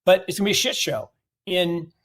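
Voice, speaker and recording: A man's voice: high-pitched, brisk, a bit bright. A middle-aged man from the United States answering interview questions in a blunt, emphatic way, often asking rhetorical questions. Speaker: investment guest.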